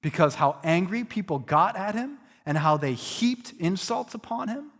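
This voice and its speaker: Pastor, male, high-pitched and animated, preaching in a hall with long reverb. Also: moderate pace. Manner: animated preaching, acting out quotes, self-deprecating humor. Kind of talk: sermon.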